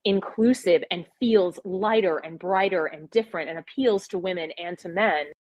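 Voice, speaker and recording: A woman speaking in a measured, corporate way in a played interview clip. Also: fairly low pitch, darkish tone, no room sound, muffled recording.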